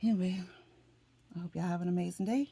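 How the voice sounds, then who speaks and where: Here a middle-aged Florida vlogger chats casually to camera, emotional and talkative, addressing viewers as "honey" and "y'all." Her voice is lowish, creaky and quick, and there's background noise behind her.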